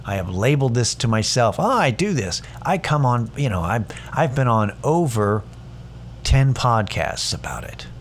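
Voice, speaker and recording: A man's voice: medium pitch, sing-song, normal speed, a little hiss or hum. A man hosting a podcast, ranting sarcastically in a casual, profane, rambling monologue full of restarts. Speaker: podcast host.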